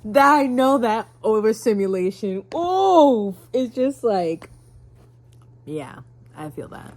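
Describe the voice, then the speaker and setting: A woman's voice: fairly high pitch, slow. A woman vlogging casually from bed, reading romance passages aloud and reacting with frequent laughter. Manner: animated, laughs often, reads passages aloud. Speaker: book vlogger. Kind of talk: casual reading vlog chat. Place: in bed at home.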